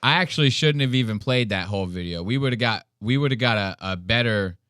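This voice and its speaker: A man's voice: mid-range voice, animated, fairly quick, fairly bright tone, no room sound, studio quality. A young man hosting a podcast, joking crudely and full of slang as he reacts to a video. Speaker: podcast host. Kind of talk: casual commentary on a video.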